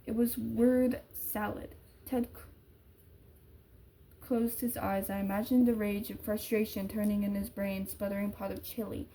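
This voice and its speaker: A woman's voice: medium pitch, little pitch movement, unhurried, dark tone. A woman casually reading a book aloud, with offhand, chatty asides. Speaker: book reader.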